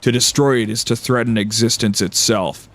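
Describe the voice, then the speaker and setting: An otherworldly being of light speaks slowly and solemnly, as a man puts it on while reading aloud. When struck it breaks into squeaky, panicked cries. The voice is mid-pitched for a man. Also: fairly even intonation, fairly bright tone, natural voice. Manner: solemn and slow, then squeaky and panicked in pain. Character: serene cosmic being of light, genderless.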